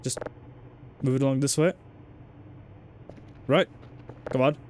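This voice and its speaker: A man's voice: mid-range voice, slow pace, a little mellow, a little hiss or hum. A man streaming a game in casual commentary, chatty, swearing and joking while talking to his chat.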